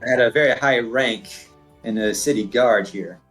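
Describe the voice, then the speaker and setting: A man's voice: mid-range voice, moderate pace, a bit bright, faint music behind, natural voice. Male player as a firm, no-nonsense retired woman cop. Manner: firm, businesslike. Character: stern older female retired cop.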